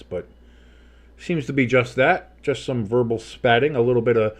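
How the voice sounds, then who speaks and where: A man calling a game play-by-play as a fan commentator, rambling and joking with profane asides, saying he has had too much coffee. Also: medium pitch. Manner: says he is talking fast on too much coffee.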